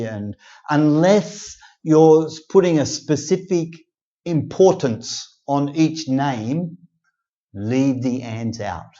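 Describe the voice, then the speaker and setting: A man teaching English grammar in a casual spoken lesson, slow and deliberate, with many pauses and fillers. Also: on the high side, lively intonation, dark tone. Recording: slightly dull, lo-fi sound.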